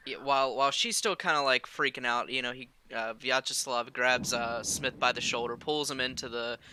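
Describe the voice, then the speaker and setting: A man's voice: mid-range voice, moderate pace, pushed and bright, a little hiss or hum. A man taking part as a player in a tabletop role-playing game, rambling loosely with many fillers. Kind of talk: in-character tabletop play.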